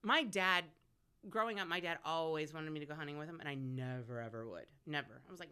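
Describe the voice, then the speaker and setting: Speaking a little fast in a clear, resonant, low-pitched voice, a radio host in her forties sits in as a guest for a casual chat. She tells lively, frank and profane stories, laughing frequently.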